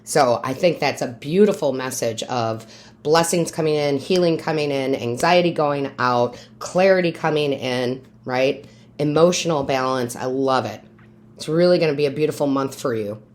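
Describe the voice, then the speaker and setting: A woman with a low voice giving a monthly tarot reading. She coaches her listeners emphatically and keeps checking in with "right?". Now and then she drops into quiet asides, asking the cards for their message. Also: moderate pace. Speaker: tarot reader and medium.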